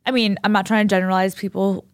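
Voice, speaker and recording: A woman's voice: medium pitch, little pitch movement, fast talker, dry recording, clean studio sound. Rambling young woman podcast host. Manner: rambling, heavy use of "like", storytelling. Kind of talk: casual chat.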